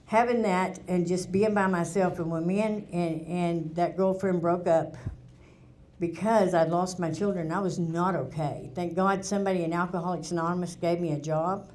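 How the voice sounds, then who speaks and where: A woman's voice: lowish voice, fairly even intonation, moderate pace, a little mellow, slight background noise. Candid woman telling her story. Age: middle-aged. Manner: candid, plainspoken, with frequent restarts. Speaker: speaker sharing her recovery story. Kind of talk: personal testimony at a recovery meeting. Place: meeting room.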